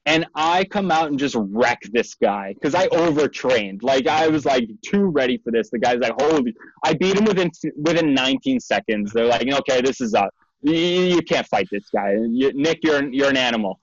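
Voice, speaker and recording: A man in his thirties telling a lively, profane story as an interview guest, full of fillers and quick laughs. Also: medium pitch, no echo. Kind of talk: animated storytelling. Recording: dull lo-fi dry sound.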